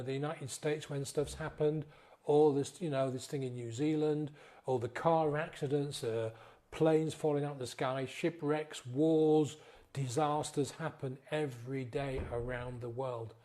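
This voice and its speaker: A man's voice: fairly high pitch, steady tone, a little slow, mellow. A male sobriety coach giving an earnest, pleading motivational talk to camera, close to tears and often checking in with "yeah?". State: emotional, near tears.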